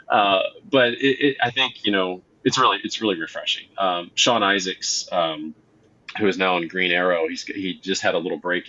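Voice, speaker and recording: A man being interviewed as a comic book writer, telling stories with excitement and acting out quotes, with many fillers. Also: low-pitched, breathy edge, lo-fi sound. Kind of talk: casual interview chat.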